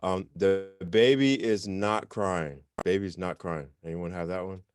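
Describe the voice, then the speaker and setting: A man with a fairly low, smooth and resonant voice leads a beginner language class. He explains things casually and keeps stopping to correct himself. The sound is dry and close to the mic. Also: measured pace, dry recording. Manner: relaxed, self-correcting, chatty explanations. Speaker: language teacher. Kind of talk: informal online class.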